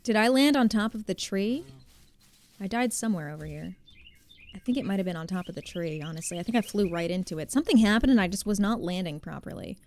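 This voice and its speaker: Animated young woman streaming a game. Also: medium pitch, quick pace. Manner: chatty and animated, talks to chat. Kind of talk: casual gameplay commentary.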